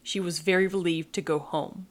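A woman podcast host reading a children's book aloud, lively and acting out the characters. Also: on the low side, normal speed.

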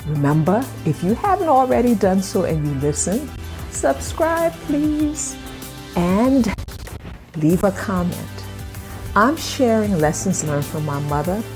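A middle-aged woman hosting a faith podcast from her home, talking in an encouraging way and slowing down to stress her points. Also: mid-range voice, darkish tone. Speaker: podcast host. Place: home room at a glass table.

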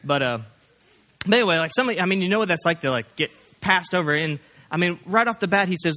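A pastor preaching a sermon in a folksy, rambling storytelling way, full of fillers and restarts. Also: male voice, high-pitched, expressive, fast talker, pushed and bright.

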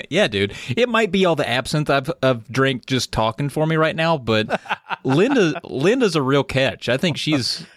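A man's voice: on the high side, sing-song, a little slow, no room sound, clean studio sound. A young adult man co-hosting a podcast, casually joking and animatedly retelling film scenes. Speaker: podcast co-host. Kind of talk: casual chat.

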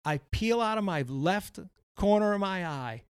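Animated, swearing man telling a golf story. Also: high voice, measured pace, smooth, no echo. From Wisconsin. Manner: animated, profane, acts out quotes. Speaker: podcast co-host. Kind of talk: casual storytelling chat.

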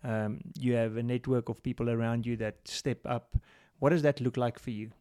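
A man hosting a podcast, asking questions and encouraging his guest with steady murmurs of agreement. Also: medium pitch, normal speed, clean tone. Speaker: podcast host. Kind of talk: interview questions, casual conversation.

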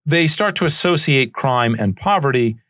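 A male history podcast host talks through his subject in a relaxed, digressive manner. His voice sits at an ordinary middle pitch. The recording is dry and close, with no room sound. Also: normal speed, no echo. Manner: chatty and digressive, with frequent "uh" and "right?". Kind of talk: conversational history lecture.

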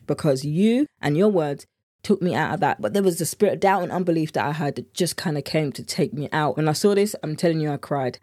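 A woman's voice: on the low side, dark tone, no echo, studio quality. A British woman hosting her own podcast as a meal planning coach, talking in an earnest, heartfelt, chatty way. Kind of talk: solo podcast talk.

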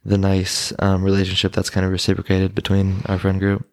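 A man's voice: low-pitched, completely flat delivery, a little fast, a little mellow, no room sound, studio quality. A young man in casual podcast chat with his mother, rambling with lots of fillers. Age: young adult. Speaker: guest, son of host.

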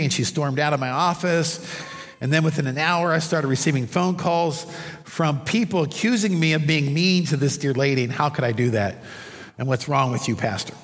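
A male pastor preaching a conversational sermon in a church, telling stories and asides to the congregation. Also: fairly high pitch. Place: church sanctuary under stage lights. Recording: long hall reverb.

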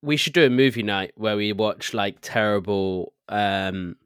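A man's voice: lowish voice, unhurried, clean tone, no echo. Easygoing man with a dry voice. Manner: easygoing, reads film news out loud. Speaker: podcast co-host. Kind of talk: casual chat.

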